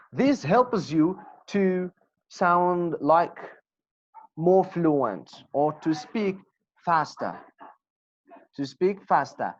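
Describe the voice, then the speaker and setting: Patient low-voiced woman teaching over a video call. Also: lively intonation, a little mellow. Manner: encouraging, repeats words slowly for learners. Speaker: English teacher. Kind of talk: online class teaching. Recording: dull lo-fi video call audio.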